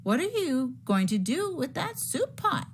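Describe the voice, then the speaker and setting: A woman voicing an eager, absent-minded little bunny boy in a storybook read-aloud, with a high questioning voice. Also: sing-song, measured pace, a little hiss or hum.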